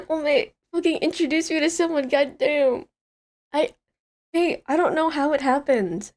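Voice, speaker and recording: A woman's voice: high voice, unhurried, a little mellow. A young woman streaming live, chatting casually with viewers, rambling and laughing often as she greets chatters.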